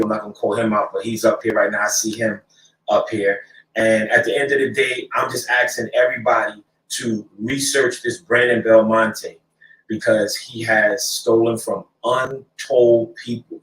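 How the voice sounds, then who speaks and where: A man's voice: mid-range voice, fairly bright tone, distant mic. A man speaking emphatically to a crowd, repeating his points with many fillers. He sounds roomy and set back from the mic, as if recorded from across a hall. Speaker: clergyman speaking out. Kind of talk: speech to a crowd.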